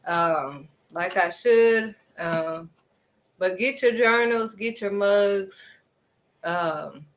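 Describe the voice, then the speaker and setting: A woman's voice: medium pitch, very slow. A woman speaking earnestly and conversationally, giving spiritual encouragement with dramatic little asides. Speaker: faith vlogger.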